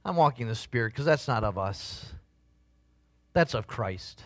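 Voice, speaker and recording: A man's voice: mid-range voice, animated, normal speed, pauses often, no echo, clean studio sound. A man preaching a sermon as a pastor, earnest and conversational, with emphatic swells.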